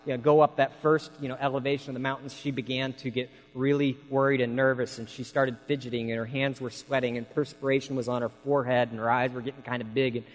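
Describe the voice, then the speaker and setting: A man's voice: mid-range voice, level tone, fast talker, few pauses, in a large hall, low-quality recording. A man preaching a sermon, telling folksy stories in an earnest way.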